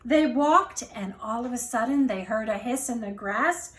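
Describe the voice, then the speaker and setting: A woman reading a children's storybook aloud and thanking families at the end, with a slow, expressive storytelling manner. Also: a little high, reverberant. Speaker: company representative reading a children's book.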